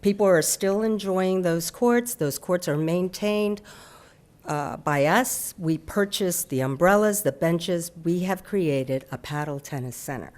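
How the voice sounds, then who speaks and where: A woman's voice: fairly low pitch, unhurried, darkish tone. A woman giving an insistent, unscripted public comment at a city council meeting, sometimes stumbling and restarting.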